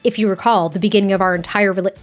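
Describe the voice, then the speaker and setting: A woman's voice: mid-range voice, steady tone, racing, faint music behind, close to an everyday voice. A woman voicing a defensive, exasperated young woman in improvised game dialogue. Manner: irritated, defensive.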